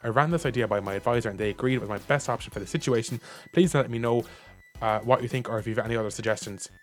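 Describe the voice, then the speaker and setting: A man's voice: mid-range voice, racing, soft background music. Wry young Irish man, casual chat. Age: young adult. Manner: wry, reads out emails in mock voices.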